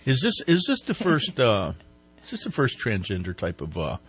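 Husky, lively male radio host. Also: mid-range voice, moderate pace. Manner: jokey, rambling, reads sponsor ads. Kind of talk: casual morning radio chat. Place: radio studio. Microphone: studio microphone.

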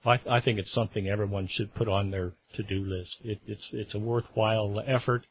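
A man's voice: on the low side, fairly even intonation, a little hiss or hum. A man appearing as a guest on a radio show, speaking earnestly about civic volunteering and often stumbling and restarting. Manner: earnest, halting, with repeated restarts. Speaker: former grand jury member, studio guest. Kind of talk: radio interview. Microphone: studio microphone. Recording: slightly dull radio broadcast sound.

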